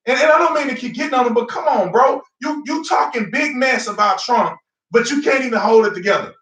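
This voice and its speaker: A man runs through political commentary in a mocking, fired-up way, full of casual slang. His voice is high and bright. It is recorded in an echoey room, some way from the mic. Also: brisk, far from the mic.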